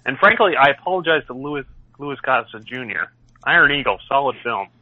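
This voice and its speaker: A man's voice: medium pitch, lively intonation, brisk, dry recording, narrow, tinny audio. A man hosting a casual podcast, rambling and joking at his own expense. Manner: rambling, self-deprecating, jokey. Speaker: podcast host.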